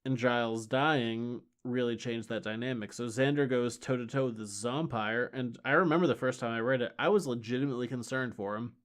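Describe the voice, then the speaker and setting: Co-hosting a podcast, this man talks through a comic recap with sarcasm and mounting exasperation, tossing in quick character impressions. His pitch is medium, his intonation fairly even, with a slightly bright edge.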